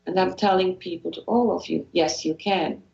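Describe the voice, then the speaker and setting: Here a Swiss-accented woman from Switzerland, a guest hypnotherapist, speaks at a moderate pace in a steady, lowish, gravelly voice with a darkish tone. Her motivational interview talk is earnest, full of repeated phrases and restarted sentences. The audio is muffled and sounds like an echoey room.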